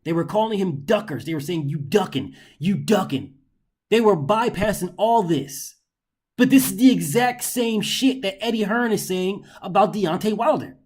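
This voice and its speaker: A man's voice: high-pitched, lively intonation, normal speed, slightly rough. A man hosting a boxing commentary show, ranting in an exasperated, profane way and hammering points through repetition.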